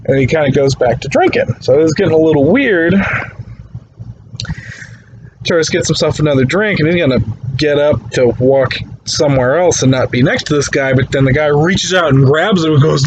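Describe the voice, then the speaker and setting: A man recording a slow, deadpan video message from his bedroom on a phone. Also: a little hiss or hum, poor audio. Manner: slow, deadpan, low-key.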